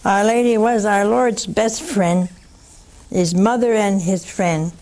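Slow-talking older woman hosting a call-in show. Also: medium pitch, fairly even intonation, a little mellow. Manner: slow, blunt and fervent, calls callers honey. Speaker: host answering callers. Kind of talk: call-in religious talk show.

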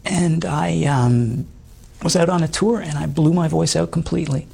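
In this interview, the guest is a middle-aged man whose hoarse voice sits on the high side with a darkish tone. His earnest personal account comes out haltingly, full of fillers.

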